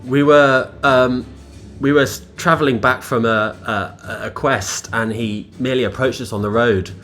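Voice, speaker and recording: A man speaking in character as a player in a tabletop role-playing game, halting and hesitant, with many fillers. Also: mid-range voice, steady tone, fairly bright tone, soft background music.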